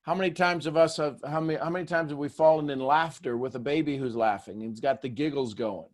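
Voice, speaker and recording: Speaking quickly in a slightly high voice, this host pelts his audience with rhetorical questions during a motivational talk. His delivery lurches from quiet asides to sudden loud outbursts.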